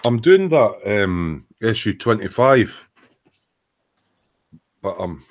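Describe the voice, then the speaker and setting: Speaking slowly in a lowish, sing-song voice, a Scottish man keeps up banter, swearing, and dry jokes on a casual live stream while sanding at his indoor model-making bench.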